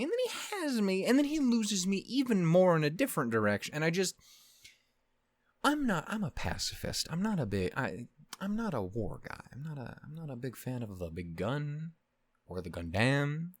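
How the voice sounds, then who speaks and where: A young man riffs on a show he just watched in loose, casual commentary. He swears freely, restarts his sentences and laughs at his own asides, and his pitch leaps high and drops low. The recording is dry and close. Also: big pitch swings, moderate pace, no room sound. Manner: rambling, profane, self-interrupting, laughs often. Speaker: reaction channel host.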